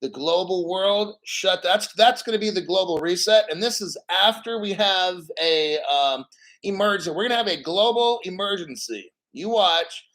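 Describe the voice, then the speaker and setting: A man's voice: high-pitched, moderate pace, fairly bright tone, poor audio. A man hosting a crypto livestream, ranting with heated rhetorical questions and frequent swearing.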